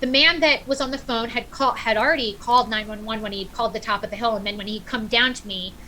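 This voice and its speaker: Woman guest, middle-aged, lively storyteller, bright higher voice, faint background hiss. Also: fast talker, rough recording. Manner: animated storyteller, acts out quotes. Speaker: podcast guest. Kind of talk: casual storytelling.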